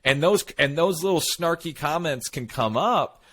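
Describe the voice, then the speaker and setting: A man co-hosting a casual podcast conversation. His voice is bright and forceful, and he tells his stories with energy, often acting out what people said. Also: fairly high pitch, normal speed. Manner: animated storytelling, quotes himself and others. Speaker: podcast co-host.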